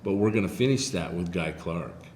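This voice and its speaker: A man hosting a podcast spins a long anecdote in a low voice, slipping into quoted voices as he goes. The sound is roomy and echoey, with a faint hiss underneath. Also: moderate pace, darkish tone. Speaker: podcast host. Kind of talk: casual storytelling chat. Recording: echoey room with faint noise.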